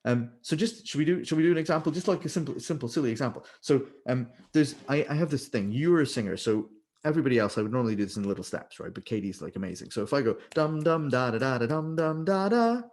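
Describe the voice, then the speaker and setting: A man, a vocal leader, talking in an animated, explanatory way and now and then demonstrating with sung syllables. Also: medium pitch, quick pace. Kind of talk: conversational interview.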